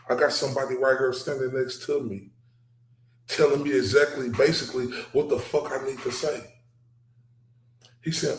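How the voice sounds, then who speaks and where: A man's voice: medium pitch, steady tone, moderate pace, echoey room, a little hiss or hum, rough recording. Blunt, profane man commentating. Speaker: commentary channel host. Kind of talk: casual reaction commentary.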